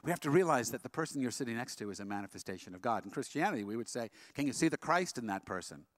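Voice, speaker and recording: A man speaking at an interfaith event, telling a personal story in a quick, animated way with frequent restarts. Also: mid-range voice, no echo. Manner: leads the audience in slow sung chant, then tells a story in a quick, animated way. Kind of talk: storytelling talk with sung chant.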